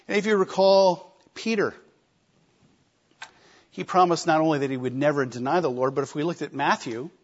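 Emphatic preacher man, higher voice. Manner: emphatic, rhetorical questions, shifts loudness. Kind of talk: sermon. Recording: slightly dull lo-fi recording.

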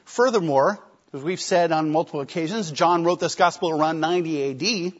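A man preaching a sermon, emphatic, with rhetorical questions and shifting loudness. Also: fairly high pitch, brisk. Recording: slightly dull lo-fi recording.

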